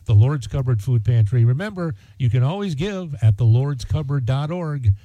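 A man's voice: medium pitch, animated, moderate pace, mellow, no echo, dull audio. A man hosting a local radio charity auction, reading out winning bids in a folksy, chatty way with plenty of fillers. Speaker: radio host.

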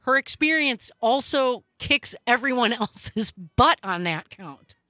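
A woman hosting political talk radio, speaking in a brisk, emphatic, opinionated way into a studio microphone. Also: on the high side, lively intonation, bright, forceful tone, no echo. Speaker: radio talk show host.

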